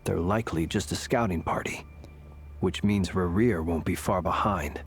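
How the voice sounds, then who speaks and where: Low-ish calm young guy companion, game music under. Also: normal speed. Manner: calm, matter-of-fact.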